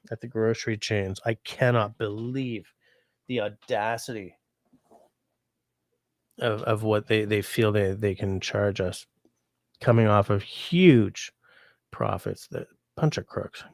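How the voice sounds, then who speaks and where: A man's voice: lowish voice, measured pace, no echo, studio quality. Rambling sick man on a livestream. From Canada. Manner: rambling, relaxed, reads viewer comments aloud. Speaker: livestream host. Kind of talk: casual livestream chat.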